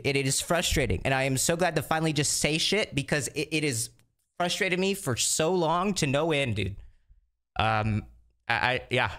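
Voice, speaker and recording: A man's voice: mid-range voice, fairly bright tone. A young man streamer venting on his livestream, frustrated and profane, restarting his sentences again and again. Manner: frustrated, repetitive, profane ranting with many restarts. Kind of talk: livestream commentary.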